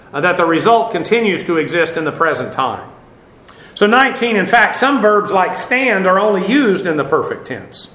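A man's voice: high voice, pushed and bright, reverberant. A man giving a verse-by-verse Bible lesson, talking conversationally with fillers and asides while he stands before a seated audience. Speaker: Bible teacher.

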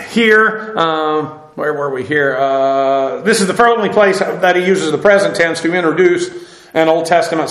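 A man teaching a verse-by-verse Bible lesson, halting with fillers and restarts, with dry asides. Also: a little high, bright, forceful tone, roomy sound, low-quality recording.

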